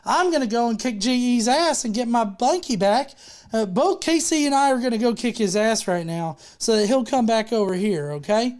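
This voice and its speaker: A woman with a fairly high voice talks loosely on a livestream, joking and cursing as she spins a rambling, goofy tale. Her delivery is casual and unscripted, full of fillers and asides. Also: lively intonation, normal speed, darkish tone. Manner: rambling, joking, swears freely. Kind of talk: casual, profane livestream banter.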